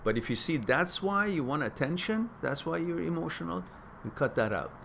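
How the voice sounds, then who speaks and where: A man hosting a question-and-answer stream, giving casual spoken advice that turns animated as he stresses points and repeats words. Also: a little high, moderate pace, vocal fry, slight background noise. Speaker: host answering viewer questions.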